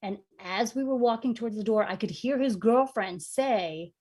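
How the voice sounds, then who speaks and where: A woman from New York telling a funny personal story on stage, lively and self-mocking, swinging from hushed to loud. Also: a little high, moderate pace, breathy edge. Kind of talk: humorous personal storytelling performance.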